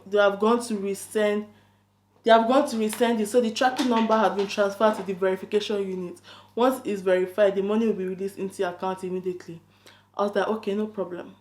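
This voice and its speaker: A woman tells a story to camera in a casual, animated way. She keeps acting out her own lines and the other person's. Her voice sits at a middle pitch and rings in an echoey room. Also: fairly quick. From London. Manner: animated, quotes both sides of a chat, frequent "I'm like". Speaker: YouTuber telling a story.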